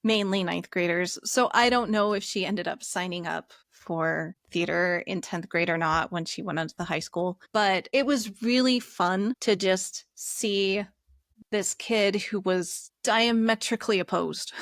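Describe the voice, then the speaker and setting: A woman's voice: medium pitch, unhurried, dry recording, clean studio sound. A woman middle school teacher being interviewed, telling a classroom story and acting out the dialogue in it. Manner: animated, acts out dialogue in her story.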